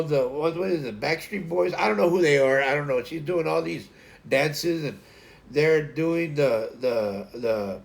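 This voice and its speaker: A man's voice: fairly high pitch, vocal fry. A man hosting a casual morning livestream, chatting to viewers in a rambling way and often restarting his sentences. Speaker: livestream host.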